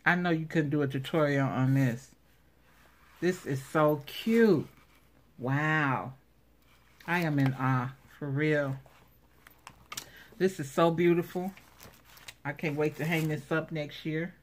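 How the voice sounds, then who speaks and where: A woman's voice: sits low, takes it slowly, pauses often, a little hiss or hum. A woman vlogger unboxing craft supplies in casual commentary, gushing and exclaiming over each item. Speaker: craft vlogger showing giveaway prize.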